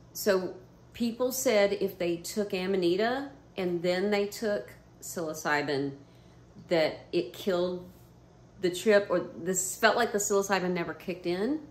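A woman vlogger telling a story to camera in a casual, animated way, swearing freely and often breaking into laughter. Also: on the low side, a little hiss or hum. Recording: roomy echo.

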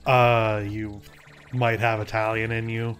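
A man's voice: lowish voice, flat delivery, takes it slowly, a bit bright, faint music behind. A man co-hosting a let's play, chatting casually in a laid-back, rambling way. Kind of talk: casual gameplay chat.

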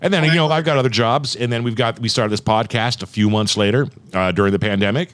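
Low-voiced man, dry close sound. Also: fast talker, fairly bright tone, no room sound. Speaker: podcast host and radio host. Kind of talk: casual chat.

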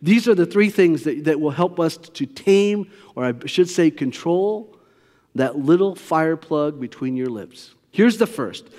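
A male pastor with a high voice preaching in a loose, storytelling way, stressing his points and talking straight to the congregation. Long reverb hangs in the sanctuary behind him. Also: animated, measured pace, dark tone. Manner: conversational, storytelling, emphatic. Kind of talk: sermon. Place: church sanctuary.

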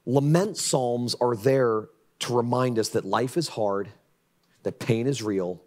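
Impassioned middle-aged pastor preaching. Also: male voice, slow. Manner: impassioned, pleading bursts then hushed reflective lows. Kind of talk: sermon. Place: church sanctuary.

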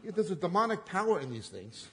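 A fairly high-voiced male preacher delivers a sermon with dramatic swings, surging loud and then falling to a hush. His voice rings out with a long reverb trail, as if in a large hall. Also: sing-song, fast talker, husky. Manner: dramatic swings in pitch and loudness, acting out quotes.

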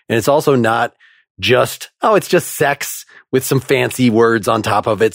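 A man's voice: medium pitch, dry recording. Podcast co-host, male, wry and easygoing, dry close-miked sound. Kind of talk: casual philosophy discussion.

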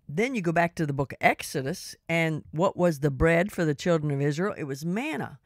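A woman's voice: on the low side, dry recording, clean studio sound. An older woman giving an earnest, personal devotional talk to women listeners and reading scripture aloud. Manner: earnest and personal, quotes scripture in King James wording. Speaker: devotional speaker.

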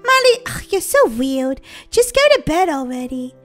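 Woman voicing a game girl, very high, sharp and bright, bubbly and bossy. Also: very animated, normal speed, faint music behind. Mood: chiding.

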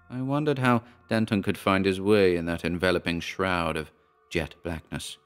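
Horror audiobook reader: very low-pitched man, measured and dramatic. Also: steady tone, clear, resonant tone, soft background music. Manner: measured, dramatic first-person storytelling. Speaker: audiobook narrator. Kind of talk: scripted horror narration.

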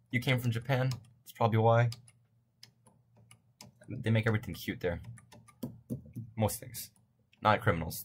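Rambling young man with a low voice. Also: a little hiss or hum. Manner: rambling, self-deprecating jokes. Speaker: let's play gamer. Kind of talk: casual gameplay commentary. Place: his bedroom.

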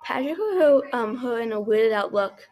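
A woman reading a homemade story aloud, halting at times with restarts. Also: a little high, animated, a little mellow.

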